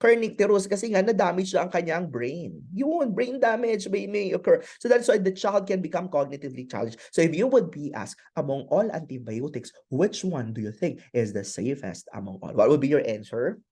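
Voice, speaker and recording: Man, Filipino accent, nursing lecturer, quizzing style, repeats key terms, slightly high voice. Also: expressive, a little fast, hardly any pauses, mellow, breathy edge. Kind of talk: online class lecture.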